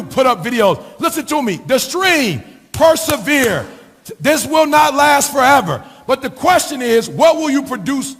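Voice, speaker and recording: Middle-aged motivational speaker guy, high raspy voice, preachy sing-song delivery, lots of reverb. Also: fairly bright tone. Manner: preaching, with a sing-song rhythm and repeated rhetorical questions. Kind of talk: motivational speech. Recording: long hall reverb.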